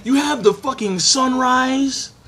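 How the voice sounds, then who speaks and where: A young man giving a casual, excitable review, swearing constantly and swinging between loud outbursts and low, calmer talk. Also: slow pace. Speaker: anime reviewer.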